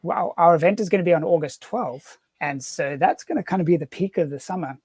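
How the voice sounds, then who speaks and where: A man's voice: a little high, brisk, a little mellow, breathy edge, no room sound. A man with a South African accent co-hosting a casual online chat, talking in an earnest, reflective way over a video call. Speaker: co-host.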